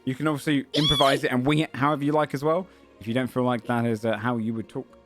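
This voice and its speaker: A man narrating a tabletop fantasy game as game master, halting with frequent ums and self-corrections. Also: mid-range voice, steady tone, music in the background.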